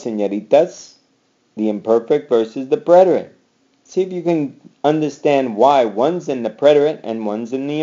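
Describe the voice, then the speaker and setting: Slow dark-voiced male teacher. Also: medium pitch, lo-fi sound. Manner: drills verb endings aloud, repeating and encouraging. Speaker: Spanish teacher. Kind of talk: recorded slide lecture.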